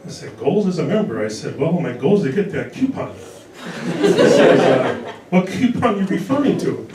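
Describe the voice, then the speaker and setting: A high-voiced older man in his sixties works through a stand-up set and lands dry one-liners deadpan. He sounds distant and roomy, as if picked up from across a club. Audience laughter comes through clearly behind him. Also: normal speed, heavy background noise. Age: 60s. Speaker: stand-up comedian. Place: comedy club stage. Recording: echoey club recorded from a distance.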